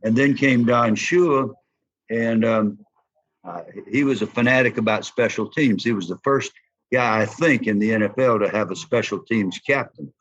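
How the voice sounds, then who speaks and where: An older man with a Southern accent, a former football player telling folksy, animated stories in an interview. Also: on the low side, moderate pace, husky. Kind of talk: storytelling interview. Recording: dull lo-fi sound.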